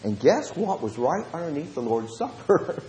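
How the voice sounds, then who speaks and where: A man with a Southern US accent, a preacher telling lively stories from Bible studies and switching between fast talk and slow, low speech. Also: a little hiss or hum. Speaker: preacher and Bible study teacher. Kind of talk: storytelling lesson. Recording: roomy echo.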